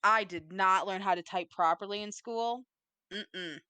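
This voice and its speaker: A woman's voice: mid-range voice, measured pace, sharp tone, clear, resonant tone, no room sound. A woman co-hosting a podcast in casual chat, playful and rambling, swearing freely. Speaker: podcast co-host. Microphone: desk mic, typing nearby.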